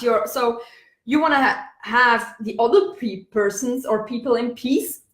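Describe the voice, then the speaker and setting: High-voiced woman, echoey room. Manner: gentle, repetitive, many fillers and restarts. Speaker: self-help video host. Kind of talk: casual talk to camera.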